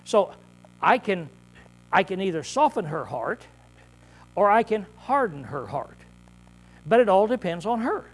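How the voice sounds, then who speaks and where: High-voiced preacher man, throat-clearing. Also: very animated, a little slow, pauses often. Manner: frequent "see?" tag questions, clears throat often; repetitive, restarts mid-phrase. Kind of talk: conversational Bible-study sermon.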